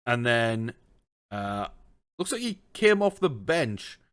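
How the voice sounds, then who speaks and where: A man streams himself playing a football management game and talks it through in a casual, chatty way. His voice sits at an ordinary middle pitch. He thinks out loud and now and then breaks into exasperated rants. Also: sing-song, takes it slowly, clear, resonant tone. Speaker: gaming streamer. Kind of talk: casual let's-play commentary.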